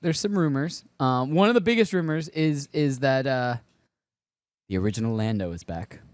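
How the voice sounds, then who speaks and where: Man, podcast host, rambling, hesitant, mid pitch, dry close sound. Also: expressive, normal speed, no room sound. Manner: rambling, hesitant, with many fillers and restarts. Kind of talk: casual chat.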